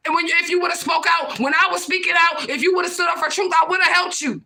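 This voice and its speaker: A woman's voice: very high voice, fairly even intonation, fast talker, gravelly, sharp tone. A woman hosting a livestream, talking to her viewers in a heated, profane, confrontational rant and repeating her points. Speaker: livestream host.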